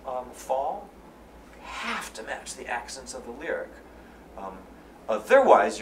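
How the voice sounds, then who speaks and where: A man lecturing from far off. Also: mid-range voice. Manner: energetic, repeats phrases for emphasis. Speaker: lecturer at a conference. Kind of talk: live lecture. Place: conference hall. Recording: roomy, from far off, faint room noise.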